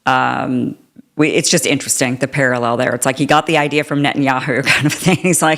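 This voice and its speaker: A woman's voice: a bass voice, fairly even intonation, fast, vocal fry, fairly bright tone. A woman hosting an interview show who asks questions casually and rambles, with many "I mean" and "like" fillers. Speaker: show host. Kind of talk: political interview.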